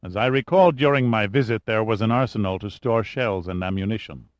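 Man doing a calm, decisive colonel. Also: on the low side, fairly quick, dry recording, lo-fi sound, close to an everyday voice.

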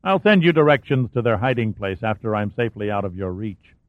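A man's voice: on the low side, expressive, brisk, no echo, close to an everyday voice. A man reading an audiobook, voicing a cold, contemptuous male hired killer. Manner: contemptuous and sneering. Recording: dry, phone-like narrow sound.

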